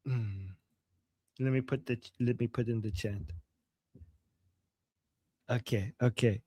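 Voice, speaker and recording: A man from Iran co-hosting a live reaction stream, excitable and laughing often, with bursts of exclamations. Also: mid-range voice, slow, husky, no echo. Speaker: livestream co-host.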